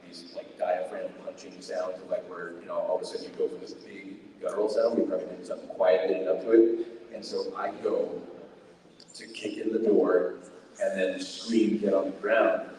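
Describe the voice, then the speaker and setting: A middle-aged man, a voice actor on a convention panel, telling lively stories and often breaking into laughter. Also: deep voice. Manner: animated, laughing storyteller. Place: large convention hall. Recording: echoey hall, distant mic, crowd noise.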